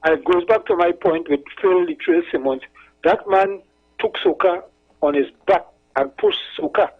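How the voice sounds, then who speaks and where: Husky high-voiced caller on phone. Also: male voice, moderate pace. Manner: rambling, repeats words, tells anecdotes. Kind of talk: casual call-in chat. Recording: tinny phone line.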